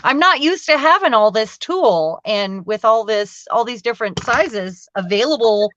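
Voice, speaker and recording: A woman's voice: fairly high pitch, expressive, a little slow, fairly bright tone, no room sound. A woman chatting casually and teasing her co-host while she works on a craft project. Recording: dull dry lo-fi sound.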